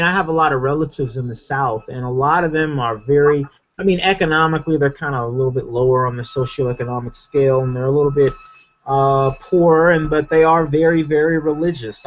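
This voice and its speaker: A man's voice: a little high, a little fast. Rambling American man, muffled audio. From California, United States. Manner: rambling, many fillers, playful. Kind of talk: casual online debate chat.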